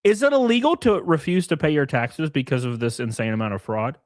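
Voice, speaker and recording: Swearing freely, a male live streamer launches into animated rants and reads out messages from his chat. He speaks a little fast in a fairly high voice, with clean studio sound and no room noise.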